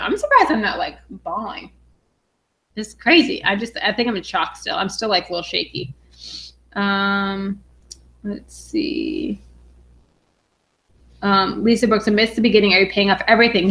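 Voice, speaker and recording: A young adult woman from Western Massachusetts, a finance vlogger excitedly reading viewer comments on a casual live stream, with lots of "um"s. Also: medium pitch, moderate pace. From Western Massachusetts, USA. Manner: bubbly and excited, frequent "um"s.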